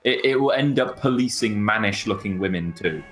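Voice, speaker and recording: A man with a well-spoken English accent talks at a fairly low pitch. He stammers and restarts often in a casual group podcast chat. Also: lively intonation, normal speed, faint music behind.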